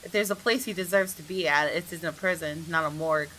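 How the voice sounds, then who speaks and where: A woman's voice: low-pitched, fast, bright, forceful tone, a little hiss or hum, voice pushed down, poor audio. A woman reading a tense young man's inner monologue. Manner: reads first-person narration aloud in her own voice. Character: tense young man narrating his own ordeal. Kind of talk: reading a visual novel aloud.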